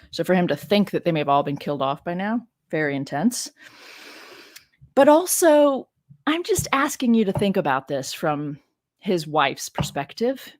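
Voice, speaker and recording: A woman's voice: low-pitched, darkish tone, dry recording, clean studio sound. Chatty woman reading scripture with asides. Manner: chatty and digressive, with frank asides and rhetorical questions. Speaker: biblical scholar and teacher. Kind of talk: casual scripture reading with commentary.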